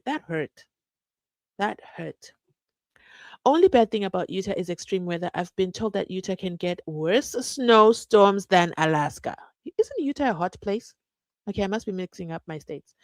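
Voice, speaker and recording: A woman's voice: on the high side, dry recording. A woman hosting a casual livestream from home, chatting, laughing often and reading viewer comments aloud. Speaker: livestream host.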